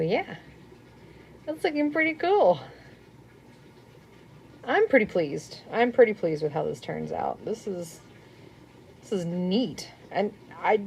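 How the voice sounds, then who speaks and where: A young woman chatting casually on a crochet live stream at home. She rambles, laughs often and sometimes drops to a soft murmur. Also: fairly low pitch, gravelly, a little hiss or hum.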